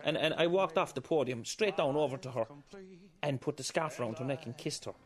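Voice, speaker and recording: A man's voice: medium pitch, lively intonation, brisk. A middle-aged man from County Kerry with an Irish accent, a tribute performer for a famous singer telling anecdotes and acting out what people said. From Ireland. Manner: chatty, anecdotal, fond of quoting voices. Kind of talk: storytelling interview.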